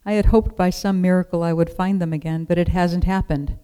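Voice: medium pitch, steady tone, brisk, dark tone, smooth, lightly acted. A reader voicing a polite, earnest widow and mother in a storybook reading.

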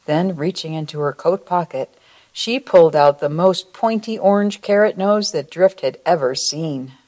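A woman reading a children's story aloud at a church service in a slow, expressive way, ending with a short prayer. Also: on the low side.

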